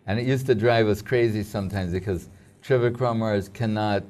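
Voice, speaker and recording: A man interviewing a guest, prompting him and finishing his sentences, then recalling memories of their teacher at an unhurried pace. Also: on the low side, steady tone, darkish tone. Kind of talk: casual interview chat.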